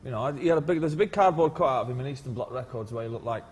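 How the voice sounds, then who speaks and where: A man's voice: mid-range voice, very fast, big-room sound. A man being interviewed as a musician, chatting casually, rambling and repeating words and laughing as he tells his stories. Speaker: musician guest.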